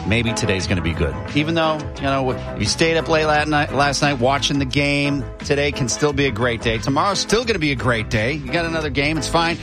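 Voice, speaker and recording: A man hosting a morning radio show, telling a story in a casual, animated way. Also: fairly quick, hardly any pauses, music in the background. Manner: animated storyteller, voices the cop in a loud high voice.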